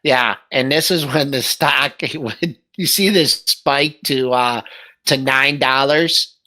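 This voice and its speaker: A man's voice: mid-range voice, slow, pushed and bright. A man co-hosting a stock trading show in casual, joking chat, often laughing and restarting phrases.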